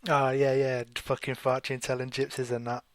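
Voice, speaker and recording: Brief: male talk-show host, halting and filler-heavy, blunt, dry close-miked voice. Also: medium pitch, level tone, no room sound. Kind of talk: casual online chat.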